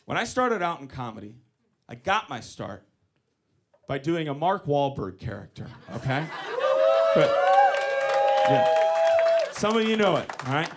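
A man's voice: a little high, big pitch swings, measured pace, pauses often, heavy background noise. A male stand-up comedian telling a story animatedly, addressing the crowd, live on a comedy club stage.

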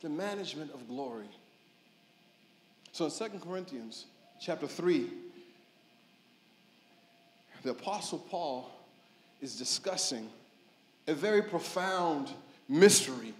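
A man preaches with a strikingly high voice, acting out little stories and shouting to drive his points home. He is recorded in a church sanctuary where the sound rings with a long, roomy reverb. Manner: animated storytelling, mimics people, shouts for emphasis. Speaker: pastor. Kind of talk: sermon. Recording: echoey church hall.

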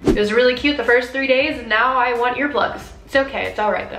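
A woman's voice: on the high side, fairly quick, fairly bright tone, echoey room, slight background noise. A young woman vlogging casually at home, chatty and self-deprecating about her makeup. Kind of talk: casual vlog chat. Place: home room.

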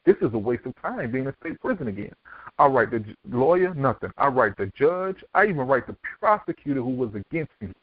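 A man's voice: mid-range voice, very animated, fairly quick, dry recording. A man from Miami, Florida, a podcast guest telling his life story and acting out the voices of people in it. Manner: vivid storyteller who acts out quoted dialogue. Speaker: podcast guest, author and speaker. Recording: dry, tinny phone-like line.

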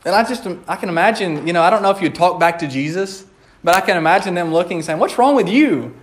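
A man's voice: high-pitched, fast. A man preaching a conversational sermon in a church, playful and laughing often as he acts out quotes.

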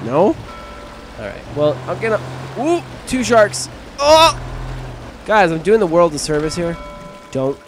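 Excitable high-voiced young man gaming. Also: measured pace, soft background music. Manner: excitable, yelps and shrieks at scares; jokey, bro-slang banter with viewers. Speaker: gaming video host. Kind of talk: let's play commentary.

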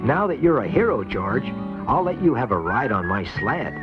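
A man's voice: mid-range voice, sing-song, normal speed, over loud music, close to an everyday voice. A man voicing a grumpy young boy in a cartoon storybook, with a raised boyish voice, on a dull lo-fi VHS tape. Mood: grudging.

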